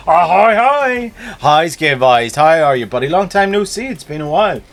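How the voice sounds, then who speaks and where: A man with a Northern Irish accent hosts a live stream, chatting casually and greeting viewers by name. His voice is a little high and animated, his delivery a little fast.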